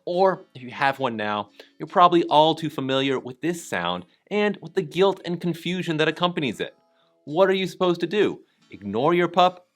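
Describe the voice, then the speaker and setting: Male voice-over for a training video: calm and encouraging, lively in pitch, soft music underneath. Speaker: dog trainer narrating a lesson. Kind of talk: scripted voice-over narration.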